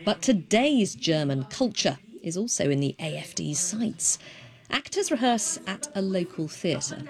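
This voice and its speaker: A woman news reporter giving a scripted report with a clear, measured delivery. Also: on the low side, big pitch swings.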